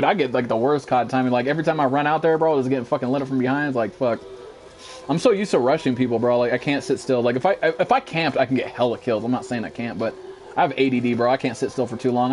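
A young American man streaming a shooter game, cursing constantly, ranting and reading out viewers' chat messages. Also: mid-range voice. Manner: profane, excitable, reads chat aloud. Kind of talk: live gameplay commentary.

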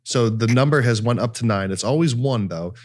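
A man's voice: mid-range voice, brisk, darkish tone. Guy cohosting a chatty podcast, jokey, lots of uhs, laughs a bunch. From Ohio. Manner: jokey, laughs often, lists things with many fillers. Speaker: podcast co-host. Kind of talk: casual chat.

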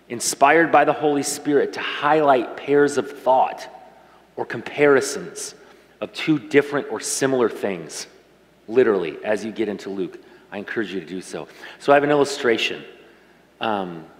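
A middle-aged man preaching a sermon as pastor, talking to the congregation in a warm, conversational and emotional way. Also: lowish voice, lively intonation, moderate pace. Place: church sanctuary. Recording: reverberant church hall.

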